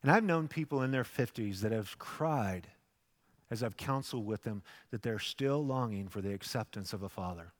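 A man in his fifties preaching a sermon with acted asides, swinging from loud bursts to hushed, soft passages. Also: fairly low pitch, expressive, moderate pace. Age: 50s. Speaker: pastor. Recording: long hall reverb.

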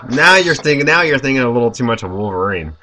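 A man's voice: medium pitch, sing-song, fast, noisy background. A man co-hosting a casual movie podcast, easygoing and chuckling, with casual swearing. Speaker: podcast co-host.

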